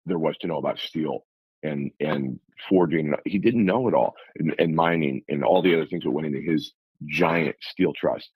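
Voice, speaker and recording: A man's voice: a bass voice, normal speed, breathy edge, highs cut off. A man on a radio talk show, coaching listeners through numbered self-help steps in an earnest, motivational way. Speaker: life coach guest.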